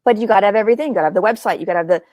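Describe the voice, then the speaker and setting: A woman hosts an interview over a video call in a lively, emphatic voice with a mid pitch. The sound is dry, with no room echo. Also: racing. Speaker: association CEO and host. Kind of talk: casual interview chat.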